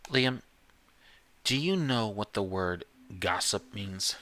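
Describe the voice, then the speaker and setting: A man's voice: fairly low pitch, expressive, slow, bright, forceful tone, pitched above the performer's own voice, exaggerated voice. A man voicing a condescending woman school counselor with a Southern US accent, talking down in a patronizing way. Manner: patronizing, talks down.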